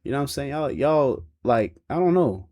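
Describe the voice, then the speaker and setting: A man's voice: mid-range voice, normal speed. A young man hosting a reaction video, talking in loose slang, laughing and teasing as he comments. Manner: animated, laughing, slangy and playful.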